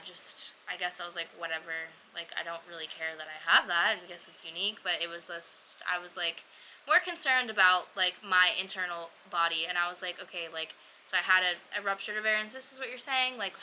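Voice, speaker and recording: A woman's voice: lowish voice, sharp tone, a little hiss or hum, rough recording. A young woman casually telling her own story, chatty and blunt, swearing freely and acting out what others said. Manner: chatty, swearing, lots of "like" fillers, mimics others in quotes.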